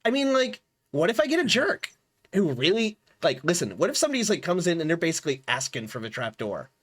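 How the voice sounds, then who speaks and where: Fast and full of big pitch swings, this mid-range voice belongs to a game streamer chatting animatedly during live gameplay. There's frequent laughter and plenty of restarted sentences.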